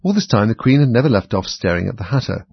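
Very husky, low-voiced male narrator. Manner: steady, measured reading. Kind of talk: storybook reading. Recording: dry, slightly dull recording.

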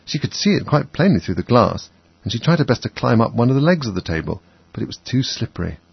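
Husky, gravelly male storybook narrator. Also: mid-range voice, fast talker, dry recording. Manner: expressive storytelling. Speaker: audiobook narrator. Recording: dull lo-fi dry recording.

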